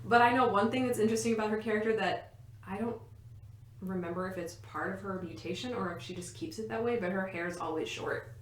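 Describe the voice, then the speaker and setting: A woman's voice: medium pitch, fast talker. Chatty woman quizzing her co-host. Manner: chatty, laughs often, fills with "like". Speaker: podcast co-host, quizmaster. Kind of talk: casual chat. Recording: roomy echo.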